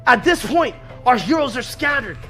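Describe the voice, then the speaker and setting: A young man narrates a fan script with joking, swearing asides. His voice is high and bright, and soft music plays behind him. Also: lively intonation, normal speed. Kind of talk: comic read-aloud of a fan script.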